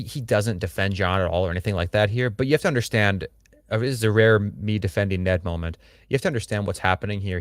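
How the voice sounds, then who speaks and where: A man with a somewhat low voice talks fast through a casual show review, blunt and crude with joking asides. His sound is close and dry, with no room around it. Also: no room sound. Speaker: podcast co-host.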